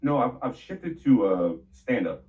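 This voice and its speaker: A man's voice: medium pitch, very animated, unhurried, a little mellow. A man in his thirties interviewing a guest on his podcast, casual and teasing with jokes, heard through lo-fi screen-recorded audio.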